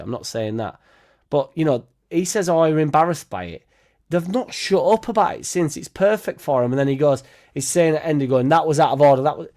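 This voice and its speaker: A blunt, sweary man, ranting casually to camera. His pitch sits in a middling range, and he keeps slipping into mocking impressions of other people. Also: a little mellow. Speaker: football fan channel host.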